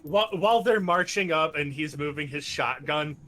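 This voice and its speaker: A man's voice: fairly high pitch, moderate pace, pushed and bright. A man playing a tabletop game, describing his actions matter-of-factly. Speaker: player.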